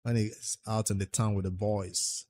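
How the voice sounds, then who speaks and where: A man's voice: lowish voice, flat delivery, measured pace, mellow. A man with a Nigerian accent livestreaming a game, chatting casually, answering viewers' questions and muttering about his progress. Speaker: game streamer.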